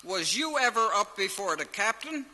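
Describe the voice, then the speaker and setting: A man voicing a gruff male army officer in a comic monologue, speaking sternly. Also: sits high, big pitch swings, normal speed, bright, forceful tone, pitched above the performer's own voice, heavily acted. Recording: reverberant vinyl transfer with faint hiss.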